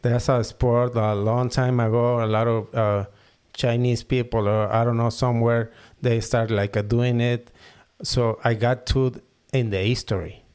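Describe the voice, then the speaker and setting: A man from Mexico whose first language is Spanish, speaking halting English with a Mexican accent as a guest in a casual interview, often repeating words as he searches for them. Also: medium pitch, level tone, darkish tone, clean tone. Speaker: guest falconer and hood maker.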